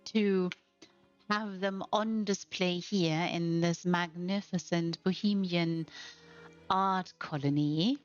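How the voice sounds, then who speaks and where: A woman's voice: fairly low pitch, steady tone, slow pace. A woman hosting a game housing showcase, talking over a gameplay tour in a gushing, affectionate, admiring way. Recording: slightly muffled, faint music behind.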